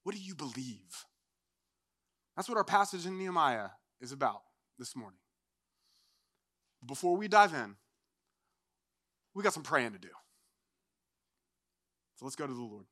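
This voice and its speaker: High-voiced, bright young male preacher. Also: sing-song, moderate pace, long pauses. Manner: impassioned, swings from loud declarations to hushed near-whispers. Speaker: pastor. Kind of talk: sermon.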